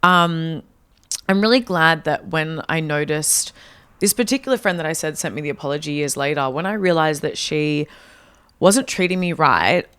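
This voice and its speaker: Australian woman guest, young, lowish voice, animated storyteller. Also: normal speed, clear, resonant tone. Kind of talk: casual chat.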